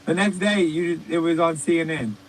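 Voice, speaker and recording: High-voiced man, rambling and profane. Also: moderate pace, slight background noise, rough recording. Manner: rambling, profane, animated storytelling. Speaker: podcast co-host. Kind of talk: casual comedic chat.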